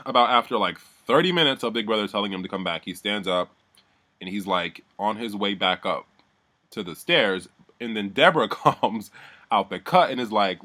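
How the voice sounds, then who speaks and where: A man with a fairly low, pushed and bright voice rants heatedly through a profane recap of a reality show at a moderate pace. He speaks animatedly and imitates the people he's describing.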